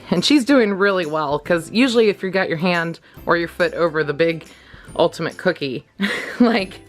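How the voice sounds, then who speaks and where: Chatty low-voiced woman training her dog. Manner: chatty, laughs often, coos praise at her dogs. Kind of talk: casual instructional vlog.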